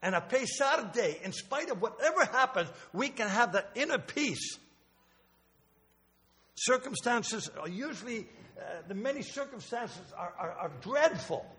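A man's voice: extremely high pitch, lively intonation, a little slow, fairly bright tone. Older man preaching in an echoey church. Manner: emotional, rambling with restarts. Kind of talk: sermon. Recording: long hall reverb.

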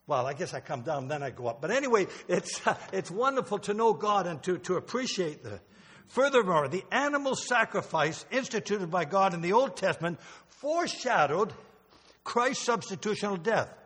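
A man's voice: high voice, a bit bright. An older man preaching a sermon in a church, emotional and rambling, with restarts and asides. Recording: long hall reverb.

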